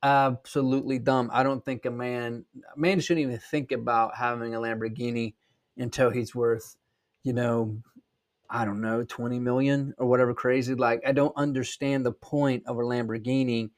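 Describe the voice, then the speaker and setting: A man in his thirties with a Southern accent talks through a casual podcast monologue. His voice sits at an everyday middle pitch, and his manner is blunt and emphatic, with frequent ums and restarts. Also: flat delivery, moderate pace. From South Georgia, USA. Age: 30s. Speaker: podcast host and sales trainer.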